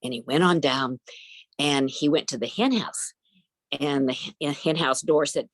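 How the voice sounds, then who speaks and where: Low-voiced woman telling a folk tale. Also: normal speed, dry recording. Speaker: storyteller. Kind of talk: oral storytelling. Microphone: video call.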